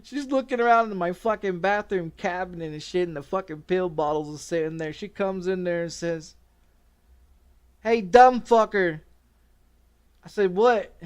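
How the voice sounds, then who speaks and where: A man's voice: fairly high pitch, smooth. A middle-aged man telling a long, rambling personal story with lots of swearing and frequent laughter, as a streamer talking casually. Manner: rambling, profane, laughing often.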